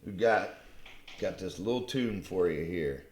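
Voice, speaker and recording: A man's voice: low voice, lively intonation, unhurried, darkish tone, slight background noise. A man ranting angrily at his viewers, swearing constantly and mocking them in a combative, profane tone. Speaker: channel host. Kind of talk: angry profane rant to camera. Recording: roomy echo.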